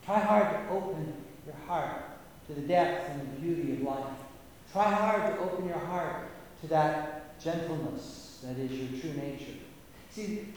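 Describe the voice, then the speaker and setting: Preacher in a big echoing hall. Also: male voice, on the high side, slight background noise. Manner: dramatic swings between hushed and emphatic delivery. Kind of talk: sermon. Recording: echoey hall, voice from far off.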